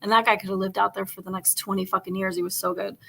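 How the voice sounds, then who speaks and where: Bright-voiced woman podcast host. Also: mid-range voice, quick pace, gravelly. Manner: rambling, animated storytelling full of fillers. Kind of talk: casual chat.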